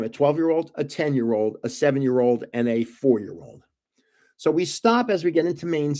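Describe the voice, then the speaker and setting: This older man, host of a trading card livestream, wanders through family stories in a casual ramble and chuckles at himself. His voice is mid-range with a dark tone.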